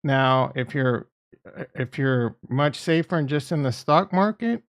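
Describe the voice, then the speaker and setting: A man's voice: medium pitch, expressive, measured pace. A man giving casual market commentary as a video host, blunt and profane, repeating his points and getting exasperated. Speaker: crypto and stock market YouTuber.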